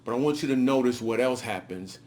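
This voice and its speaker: Dad excitedly talking through a video clip, mid pitch voice. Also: male voice, a little fast, slight background noise. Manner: enthusiastic, walks the listener through the clip. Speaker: father narrating a home video. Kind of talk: casual narration.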